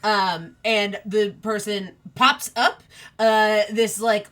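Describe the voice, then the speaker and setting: A woman narrating a tabletop game as game master, relaxed with many fillers. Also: mid-range voice, slow.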